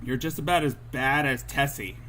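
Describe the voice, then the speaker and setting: A man's voice: medium pitch, normal speed, pushed and bright, a little hiss or hum. A man hosting a livestream, reacting to clips with angry, profane ranting. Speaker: livestream host.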